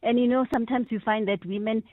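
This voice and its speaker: A woman's voice: on the high side, fairly even intonation, fast, no echo. A South African woman calling into a radio show, talking effusively and mixing in Sesotho phrases. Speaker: caller. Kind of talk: radio call-in tribute. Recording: tinny phone line, dry.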